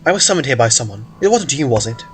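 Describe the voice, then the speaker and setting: A man's voice: medium pitch, sing-song, quick pace, fairly bright tone, faint music behind. A man voicing a nervous, formal adult official who stammers politely. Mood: flustered. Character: flustered, wordy adult official.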